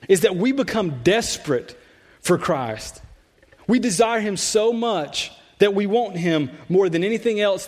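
A man with a high-pitched voice preaches a sermon to his congregation. His delivery is conversational and loose, with repeated words and frequent "like". He sounds like a pastor talking straight to the people in the room. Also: a little mellow. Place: church sanctuary.

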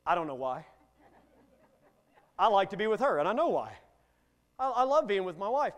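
A man's voice: high-pitched, big pitch swings, moderate pace. A middle-aged male guest preacher delivering a sermon in a folksy, joking manner.

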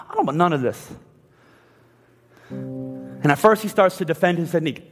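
A man with a high voice preaches a passionate sermon, slipping into the voices of his listeners and of Bible figures. His voice rings out through a large church hall with a long reverb, and soft instrumental music plays underneath. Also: fairly quick, pauses often. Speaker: pastor. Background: faint instrumental music.

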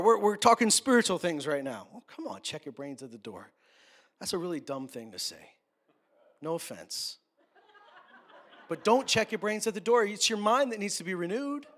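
A man with a notably high voice preaches a sermon. He keeps it conversational, dropping jokes and quick asides as he teaches from the pulpit. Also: fairly bright tone. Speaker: pastor.

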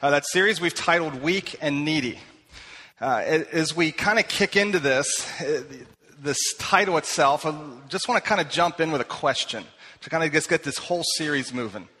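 A man's voice: on the high side, moderate pace, sharp tone. A middle-aged man preaching a sermon, telling self-deprecating personal stories with many fillers and restarts. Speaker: pastor. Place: church hall. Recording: long hall reverb.

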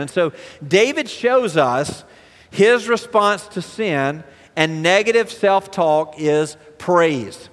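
A pastor delivers a sermon in a high-pitched voice, animated as he throws rhetorical questions at his congregation. The audio carries a long reverb tail.

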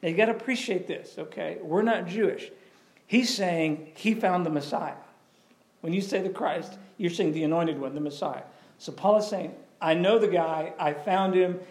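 A man preaching a sermon in a conversational, animated way, often asking questions of the audience. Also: a little high. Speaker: pastor.

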